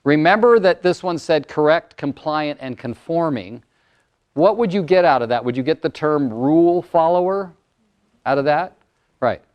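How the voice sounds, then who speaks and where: A man in his sixties, a motivational speaker and coach, telling stories and acting out voices in a lively workshop talk to an audience. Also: a little high, moderate pace. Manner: animated storyteller, acts out client voices.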